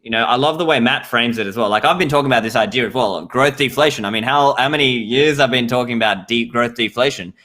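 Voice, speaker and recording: A man's voice: mid-range voice, fast, few pauses, pushed and bright. A young Australian man with an Australian accent, a guest in a casual podcast chat, rambling and saying "like" often. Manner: rambling, heavy use of "like".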